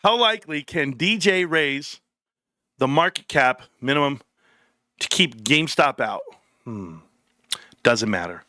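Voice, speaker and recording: A man's voice: medium pitch, lively intonation, measured pace, long pauses, sharp tone, no room sound, clean studio sound. A man hosting a casual live stream, joking, rambling and swearing freely as he talks to viewers by name.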